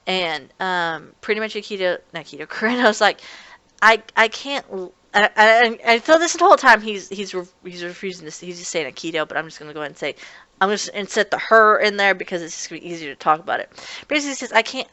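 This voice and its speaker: A woman giving a casual spoken review of an anime episode, talking quickly and excitedly with many restarts. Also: mid-range voice, smooth, dry recording. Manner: rapid, excitable talk with many restarts and laughs.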